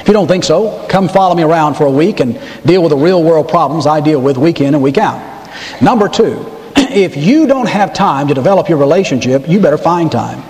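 A male pastor delivers a sermon, stressing points by repeating words and pressing hard on them. His voice sits high for a man. It rings through a sanctuary with a long, trailing reverb. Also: expressive, fairly quick, darkish tone.

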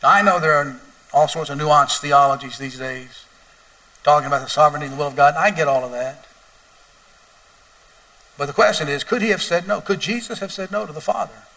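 Pastor guy preaching, bright higher voice, mic kinda far off. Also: fairly quick. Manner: builds from quiet storytelling to loud, wailing emphasis. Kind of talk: sermon with storytelling.

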